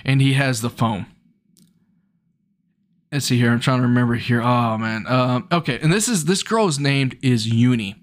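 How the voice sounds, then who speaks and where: A young man casually retelling an episode of a show in a loose, rambling way, with his voice jumping higher when something excites him. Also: normal speed.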